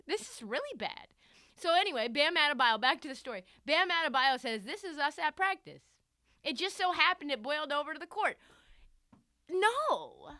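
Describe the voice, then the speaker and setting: Brash high-voiced woman sports host. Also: bright, forceful tone, no room sound, studio quality. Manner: brash, profane, acts out quotes in voices. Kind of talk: animated sports commentary.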